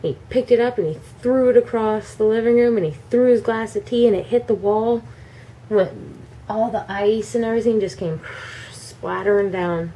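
A woman telling her child a bedtime story, animated and acting out the characters. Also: a little high, moderate pace, a little hiss or hum. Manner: animated, acts out every character.

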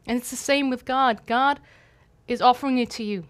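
A woman's voice: fairly high pitch, fairly even intonation, normal speed. A young adult woman, a missionary, giving an earnest, conversational devotional talk with light humor.

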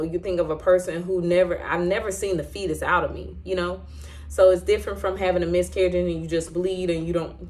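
A woman sharing an emotional personal testimony in a candid, halting way, with many fillers and restarts. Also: lowish voice. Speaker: Christian vlogger sharing a testimony.

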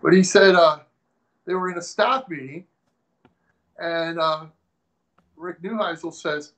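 A man from the Pacific Northwest, a former strength coach, telling animated stories in a casual interview and acting out the people he quotes. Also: fairly high pitch, slow pace, long pauses, low-quality recording. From Tacoma, Washington.

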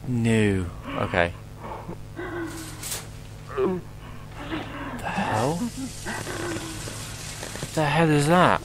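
A man's voice: fairly high pitch, wildly swooping pitch, very slow, long pauses, faint music behind, rough recording. A young man commenting casually on a horror game as he plays, joking, swearing and yelping at scares. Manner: joking, swearing, jumpy exclamations. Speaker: gameplay commentator.

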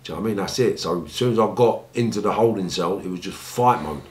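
A former gangster with a London accent from England bluntly recounts his life story in an interview, swearing a lot and speaking quickly. He re-enacts scenes using high, pleading voices, and the recording is reverberant.

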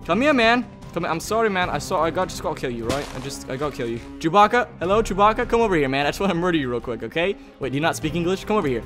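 A young man giving casual, excitable commentary over his own gameplay as a gaming channel host, chatting to his opponents. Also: a little high, racing, few pauses, soft background music. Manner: excitable, talks to opponents, bursts into shouts.

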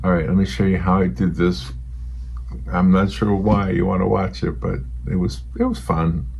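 A man's voice: sits low, level tone, moderate pace, gravelly, darkish tone, slight background noise, poor audio. A retired man in his sixties chatting in a rambling, self-deprecating way while he paints, getting a little emotional. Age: 60s. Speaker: hobby watercolor painter. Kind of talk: casual rambling chat.

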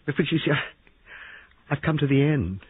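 A man's voice: a little high, expressive, breathy edge, no echo, voice pushed up. A man reading aloud and voicing a nervous young army deserter who stammers and halts. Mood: shaken. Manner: halting, stammering, raised voice. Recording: dry, tinny phone-like sound.

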